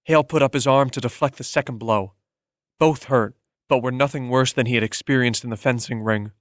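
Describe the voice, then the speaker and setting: Male audiobook narrator, measured. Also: medium pitch, dry recording, studio quality. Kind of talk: scripted narration.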